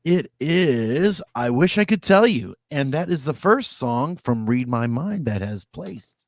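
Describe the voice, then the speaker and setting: A man's voice: medium pitch, big pitch swings, unhurried, no room sound. A man co-host chatting casually, adding short dry quips. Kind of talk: casual chat.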